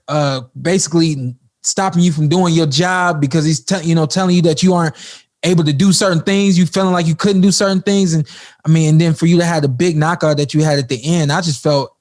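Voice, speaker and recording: A man with a fairly high voice, hosting and asking long, winding questions. He backs the guest up with frequent short yeahs and builds to his point slowly. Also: a little mellow. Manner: long rambling questions with frequent back-channel "yeah". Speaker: podcast host. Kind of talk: interview questions.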